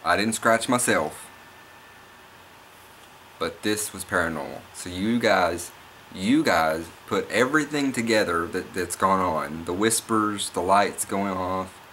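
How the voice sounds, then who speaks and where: Young guy vlogging, low voice but bright edge, rambly and worked up, faint hiss behind. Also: a little slow. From Oklahoma. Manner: rambling, excitable, restarts and repeats himself. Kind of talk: casual storytelling vlog.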